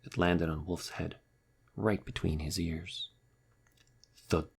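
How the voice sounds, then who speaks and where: A man reading a children's storybook aloud in a wry, lively storytelling manner. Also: low voice, takes it slowly, gravelly, husky. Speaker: narrator.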